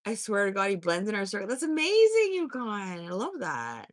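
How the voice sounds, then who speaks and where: Fifties lady on a livestream, swears a lot, bright voice that jumps all over, dry close sound. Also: medium pitch, sing-song, moderate pace, dry recording. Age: 50s. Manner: blunt, profane and sassy. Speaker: livestream host. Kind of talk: casual live-stream chat, answering viewer comments.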